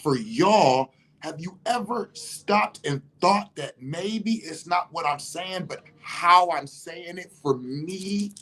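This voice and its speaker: A man's voice: sits high, slow. Profane, emphatic man in spoken monologue. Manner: profane, emphatic, rising to shouts. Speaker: monologue speaker.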